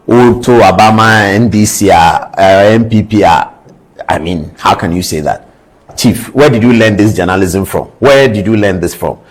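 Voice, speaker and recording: A man's voice: fairly low pitch, normal speed, rough recording. A man with a Ghanaian accent gives impassioned commentary, firing off indignant rhetorical questions. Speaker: news commentator.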